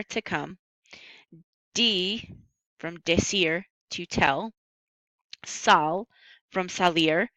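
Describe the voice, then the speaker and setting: A woman teaching a recorded language lesson, patient and upbeat, slowing down carefully on each Spanish word. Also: lowish voice, a bit bright, dry recording, lo-fi sound. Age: adult.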